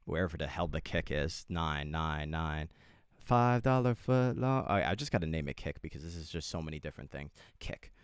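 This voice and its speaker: A man's voice: a bass voice, expressive, moderate pace, smooth, no echo, clean studio sound. A young man livestreaming a beat-making tutorial, chatting casually with his chat, joking and swearing a lot. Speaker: music producer livestreamer.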